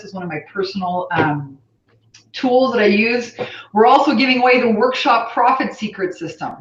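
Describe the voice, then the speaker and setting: Brash energetic woman coach, roomy sound. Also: mid-range voice, slight background noise. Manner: energetic, blunt, swears casually. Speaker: business coach hosting a live Q&A. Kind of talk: live webinar coaching. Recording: roomy, slightly dull sound.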